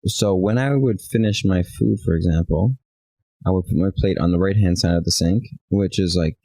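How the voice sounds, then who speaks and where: A man's voice: sits low, moderate pace, vocal fry, mellow, dry recording, poor audio. A man co-hosting a relationship talk show, telling stories animatedly and acting out bits of quoted dialogue. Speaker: podcast co-host. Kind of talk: casual chat.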